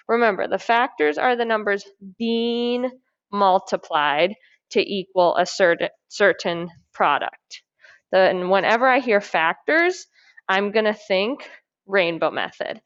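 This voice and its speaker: A woman teacher with a gravelly edge to her voice walks students through a math problem, asking herself questions and praising each step in an upbeat, encouraging way. The sound is dry and a little dull, like a modest lo-fi lesson recording. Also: mid-range voice, no room sound.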